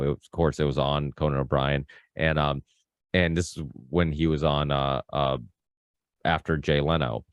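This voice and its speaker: A man's voice: very deep voice, smooth, no echo, studio quality. A man hosting a podcast in casual, rambling chat, full of restarts and fillers and freely swearing. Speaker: podcast host.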